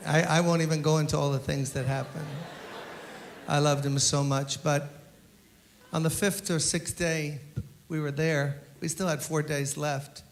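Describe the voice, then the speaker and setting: A pastor speaks at a memorial service, his voice sitting a touch higher than most men's. He tells his stories in a lively way and acts out the quotes as he goes. A faint noise sits under the recording. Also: a little slow. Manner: animated anecdotal storyteller, acts out quotes. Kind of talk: memorial eulogy storytelling.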